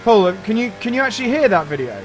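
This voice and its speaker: A man's voice: high-pitched, sing-song, quick pace, slight background noise. A man chatting casually to his viewers while he drives in a racing simulator on a live stream, laughing easily as he talks.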